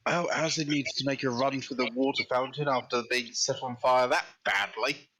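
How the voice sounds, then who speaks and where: A man's voice: medium pitch, moderate pace, pushed and bright. Wisecracking man player.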